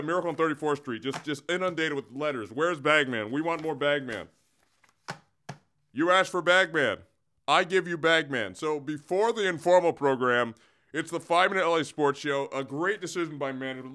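Guy ranting about sports on a podcast, kinda high bright voice, rambly and full of himself in a jokey way. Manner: boastful, rambling, mock-grandiose. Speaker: sports segment host. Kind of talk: comedic sports rant.

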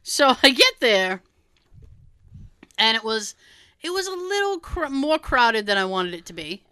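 A woman with a bright, crisp, fairly high voice, recorded close and dry. She chats casually and tells an everyday story, slipping into different voices for the people she quotes. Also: a little slow, dry recording. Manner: animated, acts out dialogue with quoted voices.

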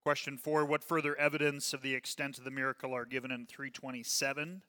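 A man leading a Bible study class, talking casually with his group and often asking "okay?", and reading scripture slowly and with emphasis. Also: mid-range voice, level tone, pushed and bright, long reverb tail. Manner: conversational, checks in with "okay?" often.

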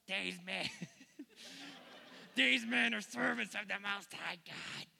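A man's voice: sits high, creaky, pushed and bright, full character voice. A man putting on a creepy demon voice. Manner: drawn-out, eerie, mock-creepy. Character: creepy demon speaking through a possessed girl.

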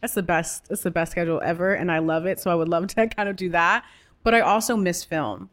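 A lower-voiced woman speaks as an interview guest. She is animated and playful and laughs easily as she talks about her work. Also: brisk. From United States. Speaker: actress and guest. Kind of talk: casual interview chat.

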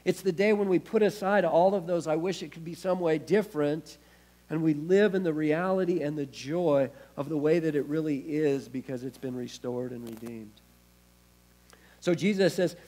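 A man preaching a sermon as pastor, expressive, with wide swings in loudness and casual, laughing asides. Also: a little high, moderate pace, gravelly.

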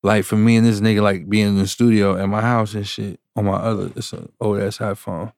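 Animated man telling a slangy story. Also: lowish voice, a little fast, dry recording, studio quality. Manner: animated, slangy, acts out quoted voices. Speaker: music producer telling a story. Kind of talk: casual storytelling.

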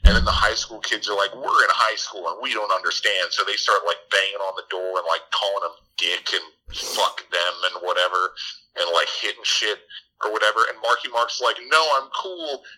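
Deep-voiced guy with a really bright, cutting tone, rambling and swearing through a movie recap, keeps doing squeaky voices. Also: steady tone, fairly quick, low-quality recording. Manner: rambling, profane, jumps into squeaky character voices. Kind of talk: casual comic movie recap.

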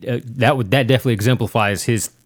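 A man's voice: mid-range voice, very fast, no echo, clean studio sound. A man co-hosting a podcast, chatting casually in a rambling way and swearing freely. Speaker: podcast co-host. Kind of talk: casual chat.

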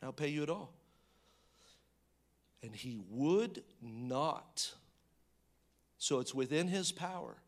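Male preacher, slightly high voice, emphatic bursts and hushed readings, conversational asides. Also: lively intonation, slow, pauses often. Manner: swings between loud emphatic bursts and hushed low reading. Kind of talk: sermon.

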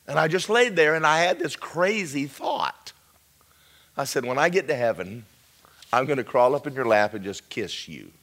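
A man preaching a testimony sermon, jumping from high loud cries to hushed whispers. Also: animated, normal speed.

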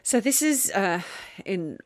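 A woman's voice: medium pitch, very animated, slow, no echo, studio quality. A woman casually telling a true crime story as a podcast co-host, rambling and often losing her place. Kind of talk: casual chat.

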